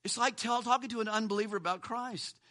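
A man pastor preaching a sermon in a conversational way, swinging between loud emphasis and hushed lines, with asides and chuckles. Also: sits high, fast.

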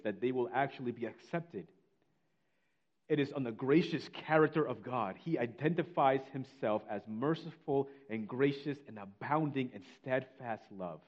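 A man preaching a sermon, reading scripture slowly and telling a story with earnest feeling. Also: medium pitch, lo-fi sound. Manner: earnest preaching, slows on scripture, drops to near whisper. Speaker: pastor.

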